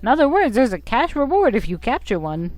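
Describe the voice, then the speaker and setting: A woman's voice: fairly high pitch, sing-song, brisk, a little mellow, no room sound, rough recording. A woman voicing a bossy bird who runs an explorer guild, speaking in an officious, lecturing way.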